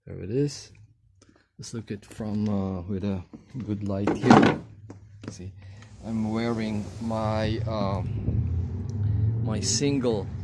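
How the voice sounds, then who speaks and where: Male vlogger, low register, very slow and halting casual unboxing chat. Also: heavy background noise. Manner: unhurried, halting, with many pauses and fillers.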